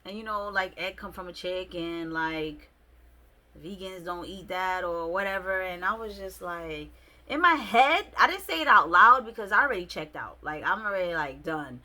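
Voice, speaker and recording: Young woman vlogger, lowish voice, slangy casual storytelling. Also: normal speed. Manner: expressive, slangy, lots of "like".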